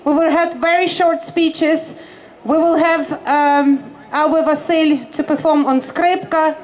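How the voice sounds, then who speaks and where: A woman at an outdoor protest announces the speakers in a very high voice. She speaks slowly and hesitantly, pausing on fillers as she finds her words. Her tone is that of a rally organizer addressing the crowd. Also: fairly even intonation, rough recording. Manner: hesitant, non-native English with fillers.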